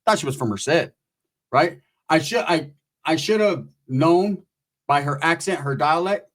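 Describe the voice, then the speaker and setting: A man's voice: a little high, animated, measured pace, a bit bright. A man telling a rambling, crude comic story in a laid-back, profane way. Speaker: comedian.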